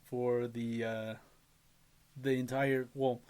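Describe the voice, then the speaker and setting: A man's voice: medium pitch, little pitch movement, slow pace, a little mellow. A young man co-hosting a casual podcast chat, telling stories animatedly, laughing often and swearing freely. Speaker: podcast co-host.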